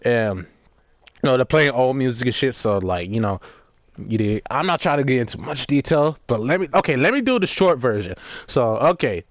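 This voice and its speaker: A nineteen-or-so young man, a gaming vlogger, recaps a movie while he plays, rambling and swearing with plenty of laughter and fillers. His voice is mid-range and animated at a normal speed, with no room sound.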